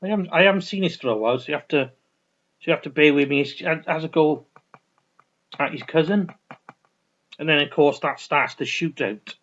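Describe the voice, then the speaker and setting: A man's voice: fairly high pitch, brisk, long pauses, a bit bright. A man rambling through a casual film review, restarting sentences and swearing freely. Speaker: vlogger reviewing films. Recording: dull lo-fi recording.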